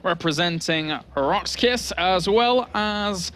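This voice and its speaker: A man with an English accent commentating an esports match, chatty and quick to laugh, with announcer flourishes. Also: sits high, a bit bright. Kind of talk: play-by-play game commentary.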